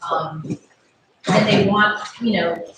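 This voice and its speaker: Faltering woman commission member, far from the mic in a boomy meeting room, faint background hiss. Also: fairly even intonation, slow. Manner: hesitant, many fillers and restarts. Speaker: planning and zoning commission member. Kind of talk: casual meeting discussion. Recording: very echoey room, distant mic, faint noise.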